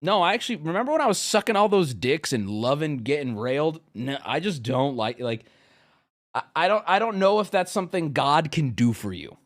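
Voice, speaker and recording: A male streamer giving casual, profane live commentary, swinging into loud exasperated rants. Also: fairly high pitch, brisk. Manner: animated, swearing, rising to loud exasperated rants.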